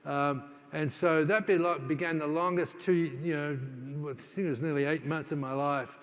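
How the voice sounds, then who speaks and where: A man with a slightly high voice gives a keynote to a live audience, telling his story in a loose, conversational way full of "uh"s and restarts. He slips into the voices of people in his story as he goes. His voice carries the long reverb of a large conference hall. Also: fairly even intonation, moderate pace. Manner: conversational, with many fillers and restarts; acts out quoted dialogue in his stories. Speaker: keynote speaker.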